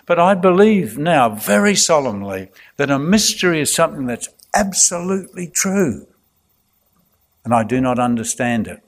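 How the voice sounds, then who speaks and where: Gently humorous clergyman. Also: a little high, sing-song, moderate pace. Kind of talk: reflective spoken talk.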